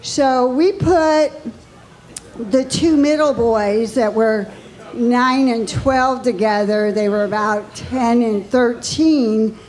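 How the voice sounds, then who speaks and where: A woman's voice: fairly high pitch, takes it slowly, darkish tone. An older woman doing stand-up, chatting about her family and animatedly quoting her daughter, into a handheld mic on a comedy club stage. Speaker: stand-up comic. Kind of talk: stand-up storytelling.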